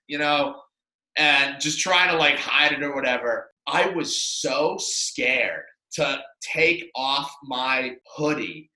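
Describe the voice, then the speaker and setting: Bright-voiced rambling young man. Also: a little high, unhurried, reverberant, poor audio. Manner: rambling, self-deprecating, lots of fillers. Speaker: podcast co-host. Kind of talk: casual storytelling chat.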